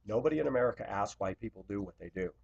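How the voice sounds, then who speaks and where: A man speaking to camera in an impassioned confessional monologue, blunt and confrontational, swinging between loud outbursts and quiet asides. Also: lowish voice, lively intonation, very fast, creaky, slightly rough. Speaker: Christian video blogger. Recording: dull lo-fi recording.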